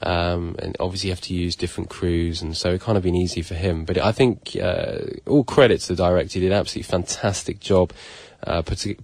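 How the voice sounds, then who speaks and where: Deep-voiced man talking film. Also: steady tone, a little fast, few pauses, darkish tone, dry recording. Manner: chatty, hesitant with many ums. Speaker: radio show film critic guest. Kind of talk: casual radio chat.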